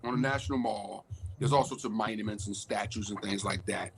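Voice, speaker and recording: A man's voice: lowish voice, a little fast, slight background noise. Frustrated man laughing through a rant. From Washington, D.C. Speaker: panelist. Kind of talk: casual panel discussion.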